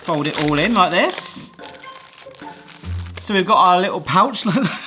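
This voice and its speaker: Middle-aged bloke, mild bristol accent, chatty cooking vlog host, voice bouncing up and down a lot. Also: male voice, sits high, lively intonation, unhurried, music in the background. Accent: mild Bristolian English. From Bristol, England. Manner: chatty and jokey, talks while cooking and tasting. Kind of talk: casual cooking vlog chat. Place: home kitchen indoors.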